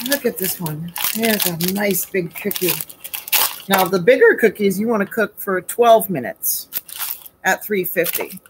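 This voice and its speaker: A woman's voice: mid-range voice, measured pace, noisy background. A woman hosting a chatty baking demo from her home kitchen, asking rhetorical questions and calling her viewers sweetie and honey. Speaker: home baker and host.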